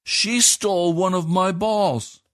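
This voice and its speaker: A man's voice: sits high, slow, fairly bright tone, no room sound, studio quality, voice pushed up. Man doing an insistent accusing schoolboy. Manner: insistent, whining. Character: indignant young schoolboy accusing a girl.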